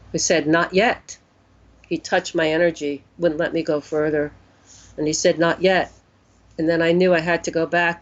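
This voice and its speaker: A woman in her sixties, an interview guest, telling a personal story in an earnest, unhurried way and voicing her own thoughts as she goes. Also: sits low. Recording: dull lo-fi recording.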